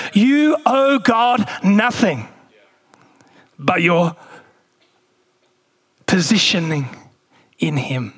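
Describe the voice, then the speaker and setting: A male pastor, preaching a sermon with animated asides while reading scripture. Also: high-pitched, slightly rough.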